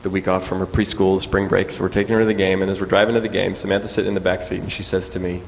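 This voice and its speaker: A man in his forties, a guest speaker, telling an animated personal story in a sermon. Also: low-pitched, rapid-fire, creaky. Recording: echoey hall with faint hum.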